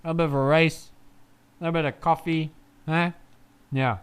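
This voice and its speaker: A man calling a race live in a casual, chatty way, swearing freely as he goes. His voice sits high and sounds smooth and clean. He moves from relaxed chatter to loud, excited calls. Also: fairly quick. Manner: chatty, swears, swings from laid-back to shouting. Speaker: fan race commentator.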